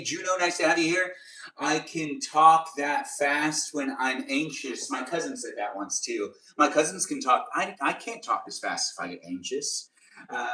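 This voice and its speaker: A man live-streaming from his home kitchen, chattering endlessly and quickly to viewers as he cooks. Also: medium pitch, fairly bright tone. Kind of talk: rambling live stream cooking chat. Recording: echoey kitchen, voice from a distance.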